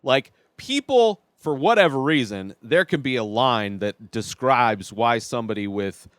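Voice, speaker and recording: A man's voice: mid-range voice, expressive, measured pace, no room sound, clean studio sound. A man hosting a podcast, chatting casually and giving his opinions as he reviews a TV series. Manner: chatty and opinionated, thinking aloud.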